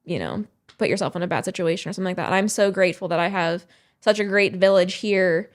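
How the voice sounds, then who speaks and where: A woman's voice: on the low side, quick pace. A young woman as a podcast guest, chatting candidly and rambling through personal stories with many fillers. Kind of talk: casual chat.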